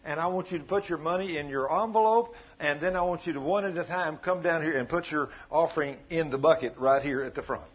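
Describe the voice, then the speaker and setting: A man preaching in a folksy, joking drawl, his voice husky and pitched fairly high for a man. The sound is a little dull and lo-fi. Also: fairly quick, hardly any pauses. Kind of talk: folksy sermon with storytelling.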